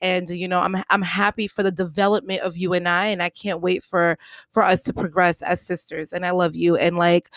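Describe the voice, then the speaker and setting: A woman's voice: fairly low pitch, flat delivery, fairly quick, fairly bright tone, no echo. A woman hosting her own podcast, speaking in an earnest, encouraging way and repeating her points for emphasis, with the odd playful aside. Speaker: podcast host. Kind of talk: solo podcast monologue.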